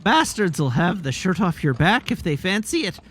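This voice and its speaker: A sly, chatty old peddler, put on by a man rambles in a folksy rustic drawl from a video game. The voice runs bright and bouncy, swinging freely up and down as it spins its tale. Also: high-pitched, very animated, moderate pace, a little hiss or hum. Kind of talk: reading game dialogue in character.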